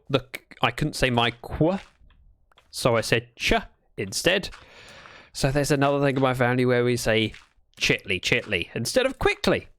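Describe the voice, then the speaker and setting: A chatty livestreamer whose voice swoops up and down with animated pitch. The talk is playful and rambling, full of asides to viewers. It sounds close and dry, with no room around it. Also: no room sound. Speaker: Minecraft livestreamer. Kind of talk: casual gaming livestream chat.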